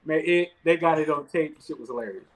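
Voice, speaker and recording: A man's voice: fairly high pitch, fairly quick, low-quality recording. Laid-back man spinning a story. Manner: relaxed and laid-back, with repeated starts. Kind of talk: casual storytelling chat.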